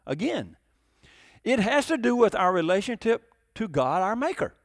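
A pastor delivers an emphatic, chatty sermon, peppering it with rhetorical questions. His voice sits high for a man. The sound is dry and close, with little room in it. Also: big pitch swings, normal speed, no room sound.

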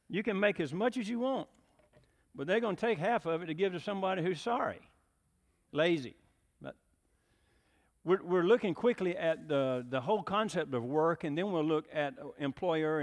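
High-voiced pastor in an echoing church. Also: male voice. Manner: conversational, quizzes the congregation. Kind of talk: sermon. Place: church sanctuary. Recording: long hall reverb.

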